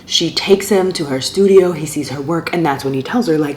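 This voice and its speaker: A woman's voice: low-pitched, a little fast, a little mellow. A woman casually and animatedly retelling a romance novel's plot as a book vlogger, sometimes dropping to near-whispers. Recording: echoey room with faint ambient noise.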